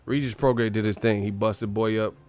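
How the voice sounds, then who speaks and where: His voice sits on the low side and moves a little fast as he hosts a boxing show. The man's commentary is casual and slangy, animated, peppered with swearing and lots of laughter.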